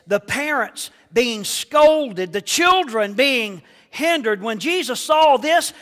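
A man preaching a sermon as pastor, animated, rising to shouts and firing rhetorical questions at the congregation. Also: high-pitched. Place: church sanctuary. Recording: long reverb of a church hall.

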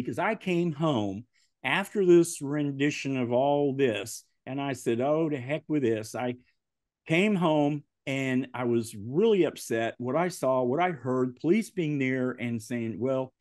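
A man's voice: mid-range voice, measured pace, no room sound, clean studio sound. A man, a podcast guest telling stories in casual chat and laughing often. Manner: animated, laughing often through his stories.

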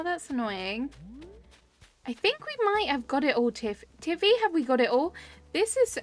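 A woman's voice: on the high side, fairly bright tone. British woman, thirties, live-stream host; casual, giggly, reads chat aloud. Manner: chatty, laughs often, reads chat comments aloud.

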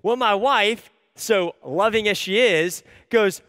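A man in his thirties giving a sermon as an animated, self-deprecating storyteller. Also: high-pitched, unhurried, no echo, clean studio sound, in a large hall. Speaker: church staff speaker.

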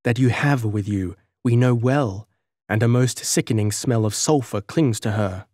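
A man's voice: mid-range voice, normal speed, darkish tone, dry recording, natural voice. A male narrator voicing a spiteful young town boy who talks in a sneering way, in a dry audiobook recording.

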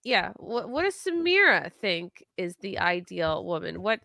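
Woman co-host, animated and chatty, bright and forceful, dry sound. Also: on the low side, unhurried, vocal fry, dry recording. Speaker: podcast co-host. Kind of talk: casual podcast chat.

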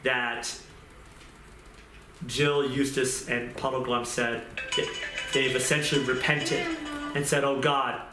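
A man's voice: mid-range voice, level tone, slow, loud music behind the voice. A man giving an informal sermon in a conversational way, repeating phrases and restarting sentences as he goes. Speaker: pastor. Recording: roomy echo.

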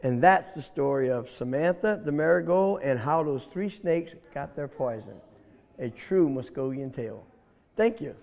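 A man tells a folk tale with great animation and speaks straight to his listeners. His voice is high for a man and swings widely in pitch. A long reverb hangs behind him. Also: normal speed, gravelly. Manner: animated, addresses listeners directly. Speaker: storyteller.

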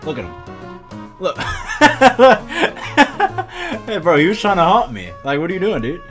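A man's voice: on the high side, sing-song, brisk, soft background music. Goofy young man riffing over a game. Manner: goofy, joking reactions. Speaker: gaming video host. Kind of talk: let's play commentary.

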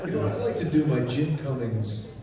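A man's voice: medium pitch, normal speed, over a noisy crowd. A man bantering easygoingly on a live panel. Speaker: voice actor on a panel. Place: large convention hall. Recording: echoey room from far off, faint noise.

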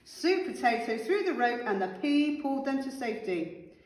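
A woman teacher reading a picture book aloud to her class, with animated, expressive storytelling. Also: high voice, normal speed. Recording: echoey room with long reverb.

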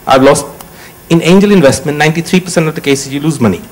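A man's voice: a little high, fast, rough recording. A man in his forties with a Swedish accent, a startup CEO introducing himself on a conference panel in short, joking, choppy phrases. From Sweden. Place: conference stage.

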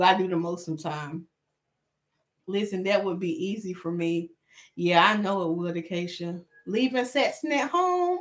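A woman hair stylist chatting casually on a live stream while she works, reading viewer comments and joking with them. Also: mid-range voice. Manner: chatty, animated, reads comments aloud.

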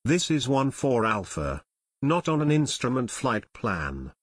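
A man's voice: mid-range voice, sing-song, measured pace, dry recording, studio quality. A man reading the part of a male pilot calling on the radio, with clipped, formal radio phrasing, in an audiobook.

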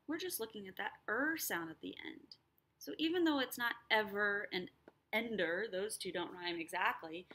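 Slow, husky-voiced woman teaching a lesson. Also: medium pitch, bright, forceful tone. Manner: slow, clear explanation with sounds drawn out. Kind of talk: recorded lesson.

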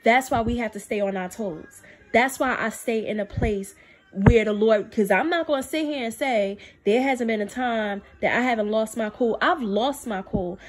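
With soft music playing in the background, a woman gives an emphatic spiritual testimony to camera, repeating phrases to stress them. Her pace is moderate, and she lowers her voice to a soft hush when quoting God.

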